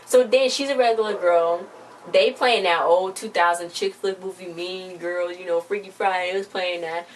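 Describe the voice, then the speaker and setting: A woman's voice: fairly low pitch, fairly even intonation, moderate pace. A young woman in a casual review, rambling through a TV episode and slipping into playful quoted voices. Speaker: TV show reviewer. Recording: distant mic, faint background noise.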